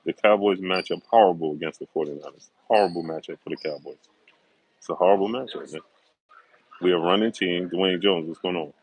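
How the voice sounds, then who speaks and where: A man's voice: low voice, rough recording. A middle-aged man hosting a sports livestream, greeting viewers by name and making confident, emphatic predictions, repeating himself for stress. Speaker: sports talk show host.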